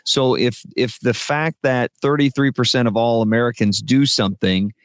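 A man's voice: mid-range voice, steady tone, moderate pace, no room sound, studio quality. A middle-aged man who produces radio commercials, patiently explaining production tips step by step in a podcast discussion. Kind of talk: advice in a podcast critique.

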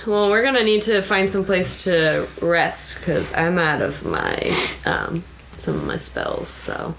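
A woman's voice: on the low side, big pitch swings, slow, vocal fry, fairly bright tone. A woman playing a tabletop game, upbeat and chatty. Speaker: player. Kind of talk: in-character table talk. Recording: echoey room with hiss.

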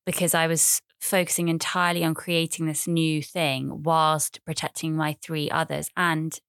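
A woman's voice: sits low, little pitch movement, normal speed, fairly bright tone, no echo, clean studio sound. A woman in her thirties hosting a podcast, talking in a rambling, chatty, self-deprecating way and repeating phrases. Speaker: podcast host. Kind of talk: casual solo podcast monologue.

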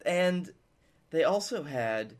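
A man's voice: a little high, lively intonation, takes it slowly. A man co-hosting a comedy podcast, heckling his partner dryly and chatting casually. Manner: dry, heckling. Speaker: podcast co-host.

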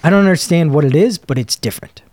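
A man co-hosting a casual podcast, talking excitably and enthusiastically, often trailing off mid-sentence as he hunts for words. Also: fairly high pitch, fast talker, no room sound. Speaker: podcast co-host reviewing cigars. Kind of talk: casual chat.

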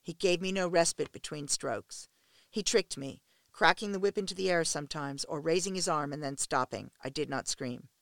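A woman narrating a first-person erotic story in an intimate, steady reading voice. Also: low voice, moderate pace, creaky, dry recording. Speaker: audiobook narrator.

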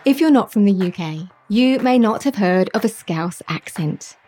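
A woman from the north of England, raised in Kent, hosting a podcast in an upbeat, clear manner. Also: mid-range voice, expressive, moderate pace, dark tone, faint music behind. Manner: upbeat, clear scripted intro. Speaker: podcast host.

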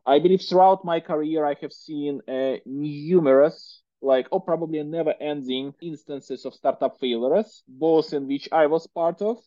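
A man in his thirties speaks with a Russian accent, chatting freely as an interview guest with plenty of "like" and "you know". His voice sits a little high for a man. The recording is dry and somewhat dull and lo-fi. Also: moderate pace, few pauses, dark tone, no room sound. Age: 30s. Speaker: guest entrepreneur. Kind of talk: casual interview conversation.

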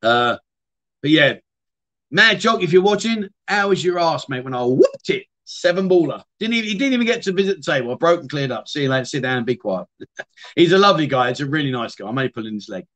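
A middle-aged British streamer reads viewer comments and chats loosely from his home streaming room, trailing off and restarting sentences often. He sounds animated and brisk, his voice on the high side and a bit bright, with lo-fi audio.

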